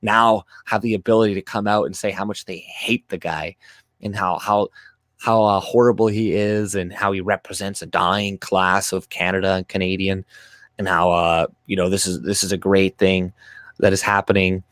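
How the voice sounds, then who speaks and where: A young man with a lowish voice, his first language French, talks straight into a close mic in a dry, dead room. He rants to his livestream chat, swearing freely and mocking in a sarcastic tone. The delivery is loose and off the cuff. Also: flat delivery, moderate pace, a bit bright, no echo. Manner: profane, ranting, sarcastic. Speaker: livestream host. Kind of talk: casual livestream chat, reading comments aloud.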